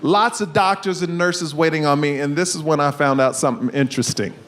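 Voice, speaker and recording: A man doing a stand-up comedy set, telling an animated story and acting out the people in it with big jumps in his voice. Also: fairly high pitch, a little fast, a little hiss or hum. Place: comedy stage before a live audience. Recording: live stage mic with crowd laughter. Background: audience laughter.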